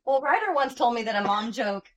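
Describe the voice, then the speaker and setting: A woman in her thirties guesting in a casual podcast chat, with a fairly high voice. Her pitch rises and falls a lot, and she teases the hosts in a playful way. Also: expressive, brisk, a little hiss or hum. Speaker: guest, co-host's wife.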